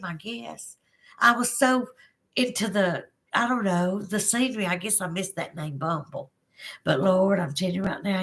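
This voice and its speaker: A woman's voice: mid-range voice, fairly bright tone. A woman with a Southern US accent hosting a casual livestream, chatting with viewers and reading their comments aloud, drawling and giggly. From Southern United States. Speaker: livestream host.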